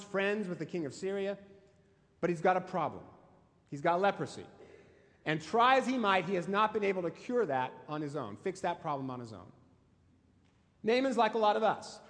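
Brief: male pastor, high voice, emphatic storyteller, long hall reverb. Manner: emphatic storytelling with rhetorical questions. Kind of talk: sermon.

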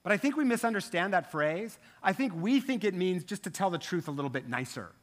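A man preaching a sermon as pastor, conversational and animated, turning to the congregation with asides. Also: high-pitched, brisk. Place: church sanctuary.

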